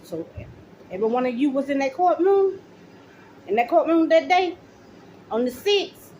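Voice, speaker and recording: A woman's voice: high voice, animated, normal speed, a little mellow, slight background noise, rough recording. A middle-aged woman, a mother, ranting straight to the camera, accusing officials directly and repeating her points. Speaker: mother speaking out. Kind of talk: angry direct-to-camera rant.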